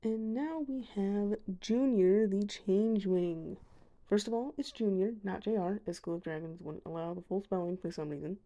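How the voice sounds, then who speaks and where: A woman's voice: mid-range voice, normal speed, dark tone, lo-fi sound. A young woman giving a casual voice-over of a video game, chatty with self-deprecating asides. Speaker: gamer showing her dragons.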